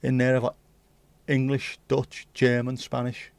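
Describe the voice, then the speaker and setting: A man's voice: medium pitch, monotone, unhurried, vocal fry, no echo. A man hosting a casual livestream, reading out viewer comments with jokey banter and slipping into bits of Dutch and Spanish. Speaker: livestream host.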